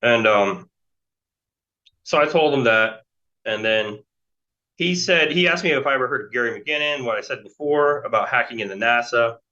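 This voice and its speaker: A man's voice: mid-range voice, moderate pace, pushed and bright. An American man in his forties telling a long story as a guest, rambling with many fillers and restarts. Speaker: interview guest. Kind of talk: casual storytelling. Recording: dull lo-fi sound.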